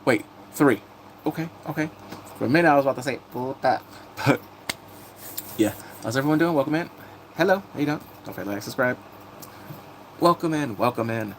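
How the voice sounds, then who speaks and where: A man chatting casually on a live stream, recapping TV episodes and greeting viewers, laughing and animated. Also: mid-range voice, fairly quick, long pauses, a little hiss or hum.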